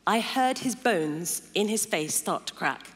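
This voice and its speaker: A middle-aged woman delivers an emphatic sermon, stacking phrase upon phrase. Her voice sits at an ordinary pitch for a woman. The sound carries the long reverb of a large church hall. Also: expressive, a little slow, slight background noise. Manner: emphatic, builds lists of intensifying phrases. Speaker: preacher.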